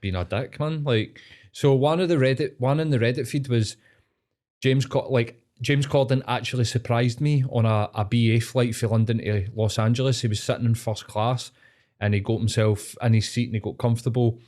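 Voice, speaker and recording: A man's voice: medium pitch, moderate pace, darkish tone. Scottish male podcast host, casual sweary storyteller, rambling delivery, mid-range voice. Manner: swears freely, rambling storytelling with many fillers. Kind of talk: casual chat.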